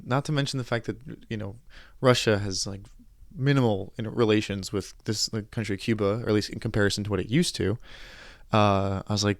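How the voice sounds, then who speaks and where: A young man with a lowish voice talks through a podcast monologue, recorded dry and close to the mic. He tells his story in an animated way, acting out the people he quotes and often restarting mid-sentence. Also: a little fast, no echo. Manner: animated storytelling, quoting others, frustrated asides, frequent restarts. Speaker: podcast host. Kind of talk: casual monologue.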